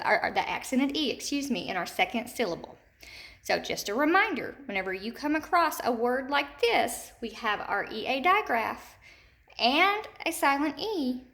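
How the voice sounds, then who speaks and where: A woman teacher giving a slow, deliberate phonics lesson to young children, repeating each word and checking in with "okay?". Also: on the high side, fairly bright tone. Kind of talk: recorded remote phonics lesson.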